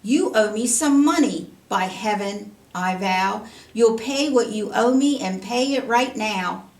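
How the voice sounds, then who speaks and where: A woman voicing a greedy, cunning servant in a high, loud voice, heard roomy and from afar. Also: unhurried, natural voice. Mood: bullying. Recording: roomy, from a distance.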